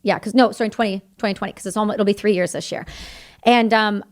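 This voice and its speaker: A woman's voice: medium pitch, steady tone. A woman from Canada, a combat veteran, telling her story as a podcast guest in candid, earnest conversation. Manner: earnest, tells her story in quick bursts of remembered dialogue.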